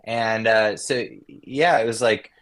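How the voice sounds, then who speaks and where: A guest musician from Nashville talks slowly through a memory on a casual podcast, circling back and restarting as he searches for words. His voice is lowish with a fairly bright tone, and he comes across as reflective and rambling rather than performative.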